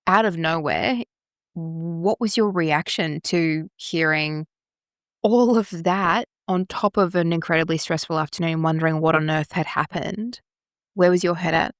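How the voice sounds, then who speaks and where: A woman interviewer asking measured, probing questions in a podcast conversation. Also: low voice, dry recording, clean studio sound.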